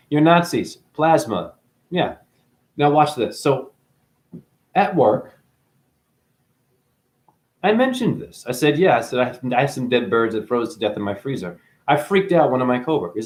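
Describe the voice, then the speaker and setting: A man delivering a profane, preachy spiritual rant straight at his viewers, swearing freely as he lectures them. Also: mid-range voice. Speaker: vlogger.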